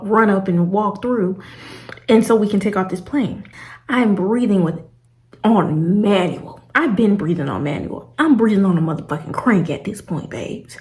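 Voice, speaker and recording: A young woman vlogger telling a story in casual slang, acting out the people in it. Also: medium pitch. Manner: dramatic, slangy storytelling with acted-out quotes. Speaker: travel vlogger. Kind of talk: animated storytime vlog.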